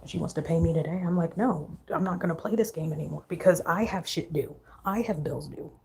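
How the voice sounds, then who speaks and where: A woman's voice: deep voice, brisk, vocal fry, noisy background. A young woman venting on a casual vlog, frustrated and swearing freely as she mimics her roommate. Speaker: vlogger. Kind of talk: venting to camera.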